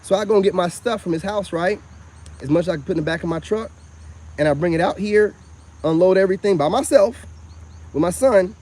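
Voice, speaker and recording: A man, rambling through a personal story in a casual, animated monologue. He keeps coming back to "you know what I'm saying". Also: sits high, brisk. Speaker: self-styled spiritual vlogger.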